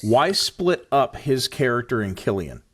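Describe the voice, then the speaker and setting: A man co-hosting a movie podcast, talking in a relaxed, rambling way. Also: medium pitch, unhurried, husky. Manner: laid-back, rambling, full of fillers. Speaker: podcast co-host. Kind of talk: casual movie chat.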